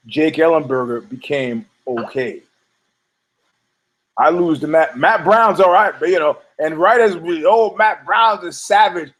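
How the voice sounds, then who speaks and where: A man's voice: fairly high pitch, poor audio. Rambling, stammering man on a podcast. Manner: rambling, stammers and repeats words, swears freely. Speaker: podcast host. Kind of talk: casual sports podcast chat.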